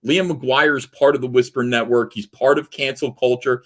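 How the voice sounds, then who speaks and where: A man hosting a livestream, ranting in a heated, profane way with many filler pauses. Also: mid-range voice, fairly even intonation, a bit bright. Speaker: livestream host. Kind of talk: livestream commentary rant.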